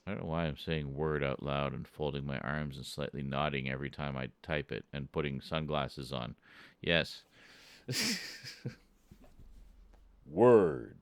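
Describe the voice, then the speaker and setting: A man's voice: very deep voice, fairly even intonation, normal speed, a bit bright, clean tone. A British man streaming, chatting casually with his chat and joking, often chuckling at his own jokes. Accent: British English. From Britain.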